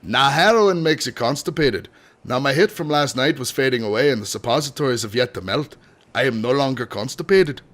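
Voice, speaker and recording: A man quoting a film line as a grimy male junkie in an attempted Scottish accent, in a rushed mumble. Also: medium pitch, animated, fairly bright tone, voice pushed down, lightly acted. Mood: flat.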